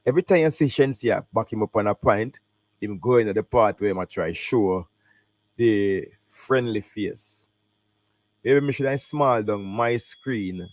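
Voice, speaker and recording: A Jamaican man hosting a casual reaction stream, talking in patois and English with animated commentary. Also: on the low side, a little slow. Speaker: host reacting to an interview.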